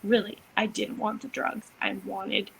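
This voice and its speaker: A young woman co-hosting a podcast, telling a personal story in a casual, animated way, acting out quotes and using lots of fillers. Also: medium pitch, a little slow, gravelly, a little hiss or hum, low-quality recording. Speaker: podcast co-host, doula.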